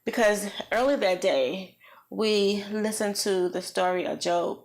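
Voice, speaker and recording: A woman vlogger recounting a personal experience in an earnest, reflective way, slow and halting with many pauses. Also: medium pitch. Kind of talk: personal storytelling.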